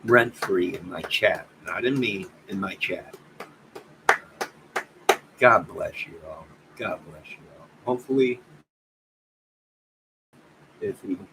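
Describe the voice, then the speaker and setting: A man's voice: on the low side, noisy background. A man hosting a casual livestream, rambling and joking as he thanks his chat viewers and signs off. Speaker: livestream host.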